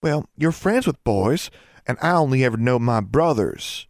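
A man voicing an earnest young rural girl who talks in a folksy backcountry dialect, high and pleading. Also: lively intonation, moderate pace, gravelly, no echo, studio quality.

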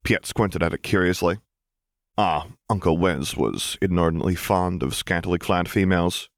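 A deep male voice carries this fan-fiction audiobook, delivered as scripted narration. His manner is measured and expressive, and the studio sound is clean with no room noise.

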